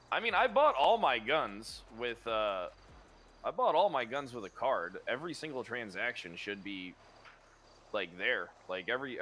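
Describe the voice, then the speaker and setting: Man, bright forceful voice, rambling, restarts sentences, in-character voice chat, faint background noise. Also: mid-range voice. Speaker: roleplay character under investigation.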